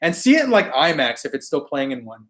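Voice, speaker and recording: A hoarse man who is losing his voice, hosting a toy collecting live stream in a laid-back, slangy way as he answers viewer comments. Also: a little high, very animated, fairly quick, fairly bright tone. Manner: laid-back, chatty, slangy, often laughing.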